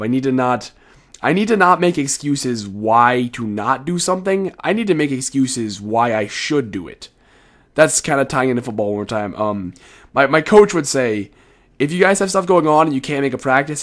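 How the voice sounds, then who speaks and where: A teenage boy talking casually to his viewers late at night, rambling and frank, swearing now and then, a bit tired. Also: mid-range voice. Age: teens. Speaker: video creator. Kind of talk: casual solo commentary.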